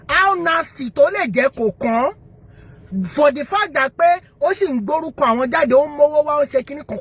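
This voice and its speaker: High-voiced Nigerian woman, live-stream speaker, emphatic, rhetorical, code-switching. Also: a bit bright. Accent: Nigerian, Yoruba. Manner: switching between English and Yoruba, emphatic, rhetorical questions. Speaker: online motivational speaker. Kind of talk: live-stream commentary to viewers.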